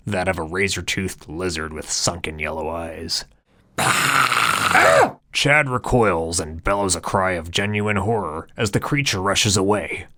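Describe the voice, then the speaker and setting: A man's voice: low voice, bright, forceful tone, no echo. A man narrating a comedic story in a grandiose, mock-heroic, theatrical way. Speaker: audiobook narrator and author.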